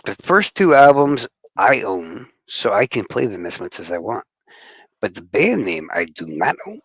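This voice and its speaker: Rambling gravelly man chatting on stream. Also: lowish voice, sing-song, normal speed, dry recording, low-quality recording. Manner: rambling, swears, acts out quoted reactions. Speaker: streamer and musician. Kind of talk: casual stream chat.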